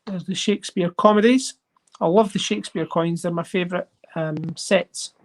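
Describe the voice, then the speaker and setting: A host chatting casually on a livestream while sorting coins, rambling and getting excited over finds. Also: mid-range voice, normal speed. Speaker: coin collecting channel host.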